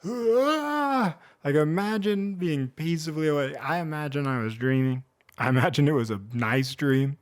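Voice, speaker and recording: Animated young man telling a funny story. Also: medium pitch. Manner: animated, acts out the moments. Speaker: storyteller host. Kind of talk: comedic storytime vlog.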